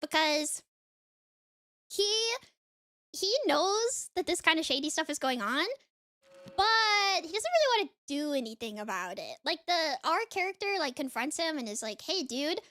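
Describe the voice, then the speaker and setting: High, bright-voiced woman gushing excitedly. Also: moderate pace. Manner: excited rambling retelling, many "like" fillers. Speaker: streamer. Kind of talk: casual stream chat.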